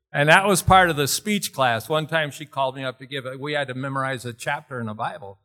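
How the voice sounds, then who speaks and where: An older man preaching in an animated storytelling way, laughing often and jumping to shouts. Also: medium pitch, fast, few pauses. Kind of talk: storytelling sermon.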